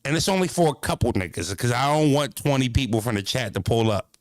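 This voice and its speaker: A man's voice: medium pitch, lively intonation, quick pace, no echo, clean studio sound. A man streaming casually as a battle-rap commentator, talking in a brash, profane, rambling way and repeating himself.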